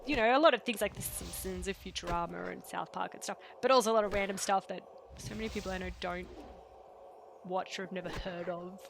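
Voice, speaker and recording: A woman chatting casually on a live game stream, rambling with many fillers and dropping into soft asides. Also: lowish voice, fairly quick, gravelly, over music. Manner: rambling, chatty, full of fillers and pop-culture quotes. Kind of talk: casual live-stream chat while gaming.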